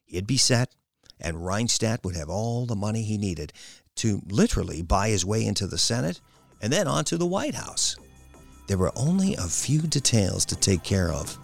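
A man narrating a novel with expressive, lingering storytelling. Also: lowish voice, normal speed, vocal fry, dry recording, faint music behind. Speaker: audiobook narrator. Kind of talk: scripted narration.

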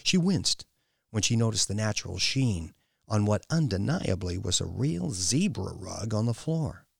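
Expressive man narrating a novel. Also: on the low side, unhurried, gravelly, slightly rough, dry recording, studio quality. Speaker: audiobook narrator. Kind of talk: scripted narration.

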